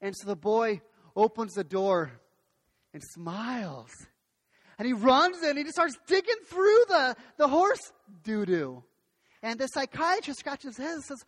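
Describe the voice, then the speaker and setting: A man preaching a sermon as pastor, telling a story in an animated way, often restarting his sentences. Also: very high voice, moderate pace. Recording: long hall reverb.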